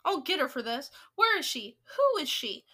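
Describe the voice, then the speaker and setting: A loudmouthed, spoiled boy-turned-mouse, as a woman reader puts him on, who shouts and protests in a high, piercing voice. He is indignant and pushy, in a storybook read aloud. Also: expressive, a little fast. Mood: outraged.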